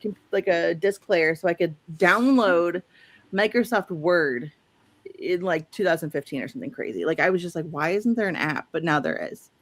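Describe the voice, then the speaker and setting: A woman's voice: on the low side, animated, moderate pace, no room sound. A woman from St. Louis with a St. Louis accent, hosting a livestream, chatting casually and reading viewer comments aloud. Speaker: livestream host. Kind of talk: casual chat.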